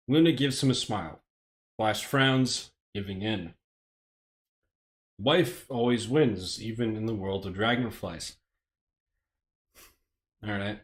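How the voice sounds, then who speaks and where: A man's voice: lowish voice, slow pace, long pauses. A man casually reading a movie script aloud on a live stream, hesitant and stammering, with frequent restarts.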